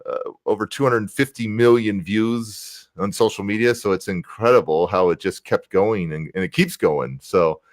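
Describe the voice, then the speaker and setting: A man's voice: lowish voice, moderate pace, few pauses, no echo. A man from the United States, a motivational speaker and rapper, talking as a guest on a casual livestream interview over a video call. He stays upbeat and keeps greeting live viewers by name while he talks.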